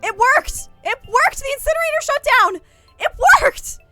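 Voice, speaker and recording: A woman voicing a young girl in a game, reading the lines aloud with squealing excitement. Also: very high-pitched, moderate pace, dry recording, faint music behind, pitched above the performer's own voice, heavily acted. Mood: ecstatic. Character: young girl, breathless and overjoyed.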